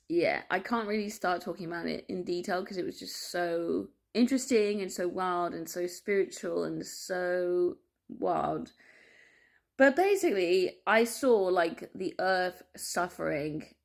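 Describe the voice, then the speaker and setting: A woman talks straight to camera in a loose, unscripted monologue. Her voice sits slightly low, and she swears freely, loses her thread, and cuts herself off with apologetic asides. Laughter keeps breaking into her talk. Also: vocal fry. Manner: restless, self-interrupting, apologetic asides. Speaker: vlogger. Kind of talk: candid personal monologue.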